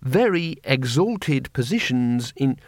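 Man voicing a nervous teacher, pedantic, hesitant, slow, dry sound. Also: mid-range voice, very animated, no room sound. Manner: hesitant, correcting, apologetic.

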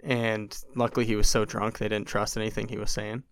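A young man's fairly low, smooth voice moves fairly quickly in a dry recording as he shares a long story as a podcast guest. The chat is casual and animated, with acted-out quotes from others and plenty of "like" fillers.

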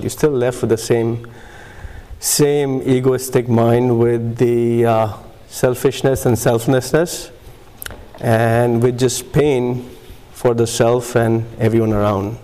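A man telling his personal recovery story in a halting way, with many fillers and pauses. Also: mid-range voice, warm tone. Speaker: recovery meeting speaker. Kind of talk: personal testimony.

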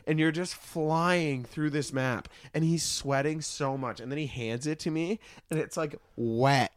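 A man's voice: fairly high pitch, unhurried, dry recording. A young man co-hosting a podcast, rambling through crude stories and laughing at his own jokes. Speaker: podcast co-host. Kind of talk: crude casual chat.

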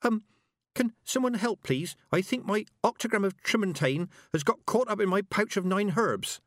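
A man's voice: sits high, moderate pace, a bit bright, no echo, clean studio sound, pitched above the performer's own voice. A man reading an audiobook voices a nervous young female witch apprentice who stammers and hesitates with ums. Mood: flustered.

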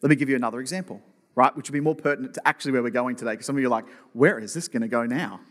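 A man's voice: medium pitch, fairly even intonation, racing, fairly bright tone. A male pastor preaching a sermon in a conversational way, often restarting with repeated words and making joking asides. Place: church auditorium. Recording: long reverb of a church hall.

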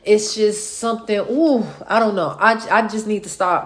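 A woman's voice: mid-range voice, moderate pace, hardly any pauses. A woman in her late thirties chatting casually to her followers, emotional and sighing often between thoughts. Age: 30s. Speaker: vlogger.

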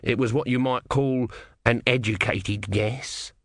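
A man's voice: medium pitch, steady tone, unhurried, fairly bright tone, no room sound, studio quality. A man voicing a bitter, sarcastic male god trapped as a small tortoise, in a storybook reading. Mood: exasperated. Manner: sarcastic, exasperated.

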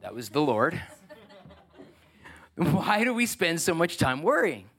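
A man with a fairly high, bright-toned voice delivers a sermon as a pastor. He reads scripture and comments on it in an animated, emphatic way, often throwing questions at the congregation. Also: slow pace. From New York.

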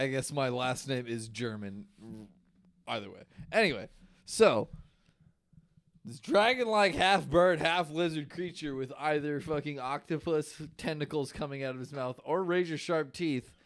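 A man co-hosting a casual podcast, telling a folklore story in an animated, profane way and laughing often. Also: on the high side, a little slow. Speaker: podcast co-host.

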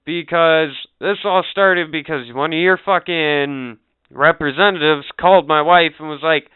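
Profane storyteller with a phone-thin sound. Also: male voice, fairly high pitch, measured pace, smooth, no echo. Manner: animated, swears constantly, acts out quoted people. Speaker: podcast co-host. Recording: tinny phone-like audio.

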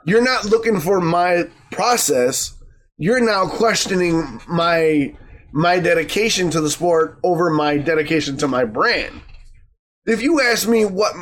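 A man on a casual podcast, reasoning things through calmly with fillers and tag questions. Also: on the high side, a little hiss or hum. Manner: measured, reasoning with fillers and 'right?'. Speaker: podcast co-host.

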